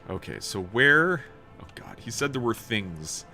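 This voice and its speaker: A man's voice: mid-range voice, very animated, a little slow, bright, forceful tone, faint music behind. A man streaming a role-playing video game, reading its text aloud in a casual, swearing tone and tripping over words now and then.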